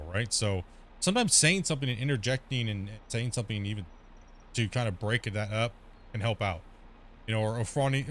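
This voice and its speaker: A man's voice: medium pitch, a little hiss or hum. A young man chatting casually while gaming, rambling with lots of fillers and self-deprecating asides. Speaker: gaming channel host.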